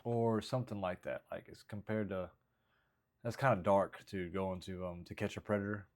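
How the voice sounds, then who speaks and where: A man's voice: sits low, steady tone, moderate pace. Rambling man thinking aloud. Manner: rambling, hesitant, many fillers. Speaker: stand-up comedian writing jokes. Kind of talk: casual vlog thinking aloud.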